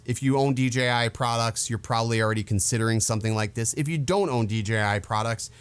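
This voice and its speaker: A man hosting a casual gear review, speaking in a mid-pitched, ordinary voice. He is candid and down-to-earth, and he drifts into the occasional aside. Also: smooth. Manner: candid, digressive, conversational. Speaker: drone channel host. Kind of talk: casual product review vlog.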